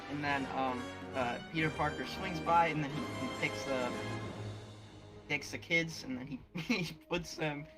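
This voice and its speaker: A man's voice: a little high, steady tone, unhurried, over music. Rambling young man retelling a scene. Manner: rambling, many fillers and restarts. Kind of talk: casual retelling of a movie scene. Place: online virtual world chat.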